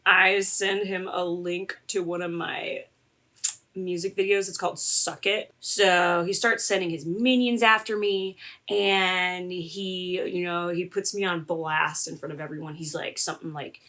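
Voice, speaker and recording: A young adult woman, a content creator, telling a story in a casual vlog with animated sarcasm. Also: on the low side, unhurried. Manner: animated and sarcastic, laughing often.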